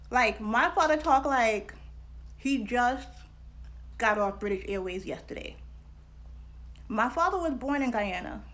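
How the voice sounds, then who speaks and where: Chatty woman with a high voice and frequent laughter. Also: a bit bright. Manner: candid and chatty, laughs often, uses slang. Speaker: vlog host and scholar. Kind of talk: casual educational talk.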